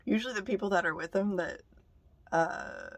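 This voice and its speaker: A woman's voice: medium pitch, normal speed, dry recording. A young woman vlogger telling stories to the camera in a blunt, profane, casual way. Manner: blunt and profane, laughing between remarks.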